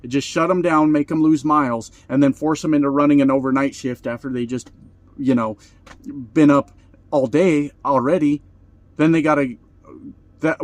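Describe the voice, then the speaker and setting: A man's voice: on the high side, no echo. A man who drives trucks over the road, venting in a heated, profane vlog rant from his truck cab.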